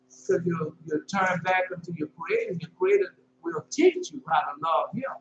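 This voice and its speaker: A man, teaching scripture informally, reading verses slowly and then explaining them in loose casual talk. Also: high voice, huge pitch swings, a bit bright. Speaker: preacher. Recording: roomy, dull lo-fi sound with faint hum.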